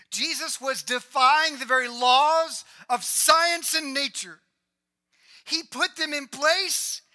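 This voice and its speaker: A man preaching a sermon, swinging between loud emphatic lines and hushed, quiet ones. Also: high voice. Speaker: pastor.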